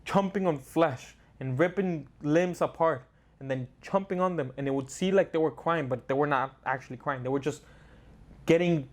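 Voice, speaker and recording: A man's voice: a little high, darkish tone. A man hosting a casual explainer show, chatty and joking, often restarting his sentences. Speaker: host.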